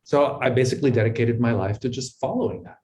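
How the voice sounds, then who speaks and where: A middle-aged man talks fast in a medium-pitched, slightly mellow voice, captured on a low-quality recording. He is an interview guest narrating his life story conversationally, sounding earnest and reflective and often repeating words mid-thought.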